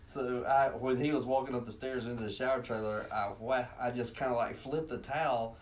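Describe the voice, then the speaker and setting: A man's voice: mid-range voice, steady tone, fairly quick. Easygoing man, a bit off mic. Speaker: guest. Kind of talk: casual podcast chat. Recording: slightly distant from the mic.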